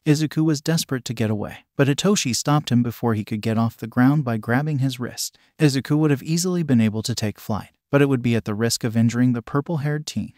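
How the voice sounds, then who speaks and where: A man's voice: mid-range voice, a little mellow, no echo, studio quality. A man steadily reading a fan story aloud as narrator.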